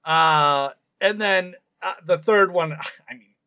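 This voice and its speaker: A man's voice: on the high side, slow pace, bright, forceful tone. A man co-hosting a casual podcast, chatting playfully and laughing often. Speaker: podcast co-host. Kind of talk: casual chat.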